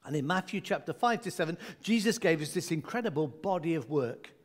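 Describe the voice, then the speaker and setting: A man's voice: on the high side, animated, fairly quick. A man preaching a sermon in a conversational, humorous way, with asides and jokes for his congregation.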